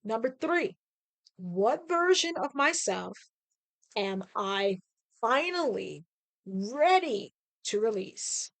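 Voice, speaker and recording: A woman hosting a podcast, leading listeners through a guided breathing and journaling exercise, coaching them with slow, deliberate prompts and frequent okays. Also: fairly high pitch, big pitch swings, vocal fry. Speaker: podcast host.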